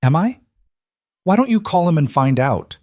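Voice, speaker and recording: A man reading the lines of a calm, cultured female assassin who taunts her target. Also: a little high, moderate pace, no echo, studio quality, voice pushed up. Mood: taunting.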